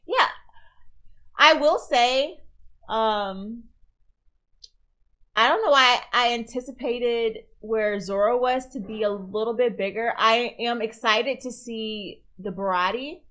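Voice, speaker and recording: A woman hosting a casual reaction stream, answering viewer comments as she goes. Her voice sits a touch high and rings bright and forward. She talks in an animated, chatty way. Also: slow, low-quality recording.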